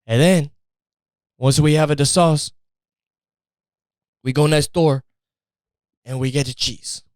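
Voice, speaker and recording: A man's voice: medium pitch, clean tone, dry recording, studio quality, close to an everyday voice. A man putting on a fake Italian accent to play a boastful Italian man who insists his family invented famous dishes. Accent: put-on Italian. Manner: insistent and grandiose, brushes off doubt.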